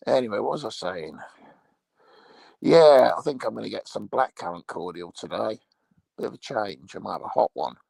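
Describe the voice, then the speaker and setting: A man playing a crude, boastful English loudmouth in a rambling, foul-mouthed comic monologue, with an English accent. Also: on the low side, expressive, normal speed, vocal fry, slightly rough, dry recording, full character voice.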